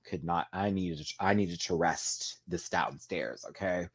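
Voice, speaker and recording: A man hosting a casual live chat with viewers, talking in a sassy, animated way and swearing freely. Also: low-pitched, measured pace, slightly rough. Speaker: live stream host.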